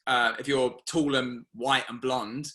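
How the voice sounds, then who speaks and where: A man's voice: mid-range voice, steady tone, slow, bright, forceful tone. A young British man speaking animatedly with many fillers, hosting a casual panel discussion. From Britain.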